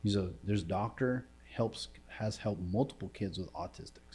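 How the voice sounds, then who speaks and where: A man telling an emotional story in a podcast interview, casual and slangy, often dropping to a quiet voice. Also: lowish voice, moderate pace, slightly rough. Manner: casual slangy talk, says bro and dude. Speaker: entrepreneur guest.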